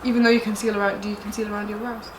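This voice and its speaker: A woman's voice: mid-range voice, little pitch movement, rapid-fire. Chatty young woman in a roomy space. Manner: chatty, laughs easily. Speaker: beauty vlogger host. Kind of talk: casual chat while doing makeup. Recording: roomy echo, faint background noise.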